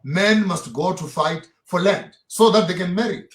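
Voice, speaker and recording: A man's voice: high voice, expressive, moderate pace. A man giving impassioned, preacher-like answers in an interview, heavy on rhetorical questions. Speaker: guest speaker. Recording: roomy echo.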